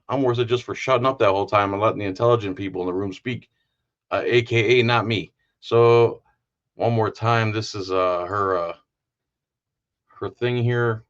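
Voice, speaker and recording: A man's voice: lowish voice, fairly even intonation, moderate pace, highs cut off. A man hosting a live stream, rambling and cracking jokes as he signs off. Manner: rambling and joking, many fillers. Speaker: livestream host. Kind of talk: casual live-stream sign-off.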